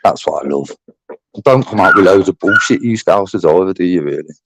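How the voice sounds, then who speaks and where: A man's voice: sits low, expressive, brisk, heavy background noise. A middle-aged man rambling bluntly and swearing in casual livestream chat. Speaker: channel host.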